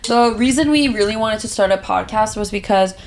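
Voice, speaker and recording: A woman's voice: medium pitch, fairly quick, slight background noise. Upbeat, teasing young woman. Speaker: podcast co-host, middle sister. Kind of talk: casual chat. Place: podcast studio.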